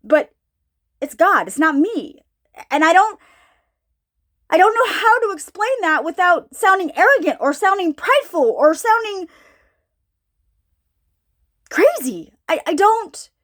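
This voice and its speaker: A woman preacher with a very high, animated voice that swoops up and down. She delivers an informal sermon in a searching way, repeating herself and putting questions to her listeners. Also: a little slow, pauses often.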